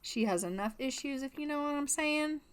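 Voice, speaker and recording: A woman who hosts a gaming channel gives casual, chatty commentary on a life-simulation game in a high, animated voice at a moderate pace. She narrates her characters' actions and playfully puts words in their mouths.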